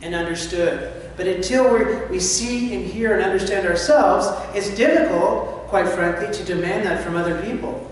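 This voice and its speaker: A man's voice: sits high, moderate pace. A man giving an impassioned spiritual talk, sometimes acting out anxious inner voices. He is recorded from a distance in a large church hall. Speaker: spiritual speaker. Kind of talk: sermon. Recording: distant mic in a reverberant hall with faint noise.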